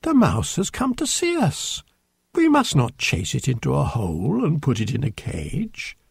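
A man voicing a gentle, caring queen in a storybook reading, speaking softly and patiently. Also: medium pitch, huge pitch swings, unhurried, creaky, breathy edge, dry recording, heavily acted.

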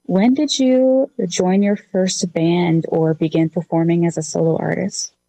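A woman's voice: on the low side, fairly even intonation, a little slow, dark tone, no echo. A woman interviewing a musician, asking questions and offering frequent encouraging affirmations. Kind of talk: casual interview.

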